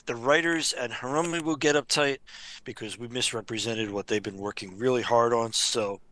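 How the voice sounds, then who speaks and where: Wry man panelist, bright forceful voice, dry close sound. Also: medium pitch, steady tone, normal speed, dry recording. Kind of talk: casual panel chat.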